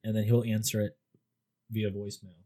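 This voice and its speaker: A man's voice: lowish voice, completely flat delivery, brisk, dark tone. A man co-hosting a podcast in casual chat, tossing in dry interjections. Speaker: podcast co-host.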